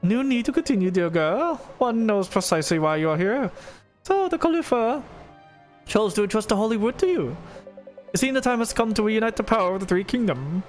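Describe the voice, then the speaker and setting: A man's voice: high-pitched, very animated, fairly quick, soft background music. A man putting on a pompous haughty king. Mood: grand. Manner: pompous, speaks of himself as one. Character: pompous grand old king, haughty and courtly.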